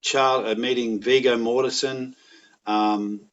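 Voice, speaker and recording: A middle-aged Australian man telling rambling, animated anecdotes in a casual chat, with voiced quotes. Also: mid-range voice, takes it slowly, muffled recording. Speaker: podcast guest, actor.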